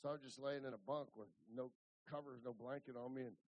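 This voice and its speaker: A man's voice: medium pitch, steady tone, fast talker, muffled recording. A man in his fifties from Ohio, preaching a folksy, rambling storytelling sermon full of restarts. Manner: rambling, repeats words and restarts.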